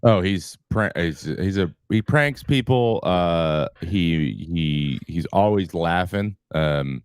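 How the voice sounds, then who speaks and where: Deep-voiced man telling rambling stories. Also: lively intonation, takes it slowly, clean tone, no room sound, clean studio sound. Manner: rambling, many restarts, chuckling. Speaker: retired pitcher, guest. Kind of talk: casual storytelling interview.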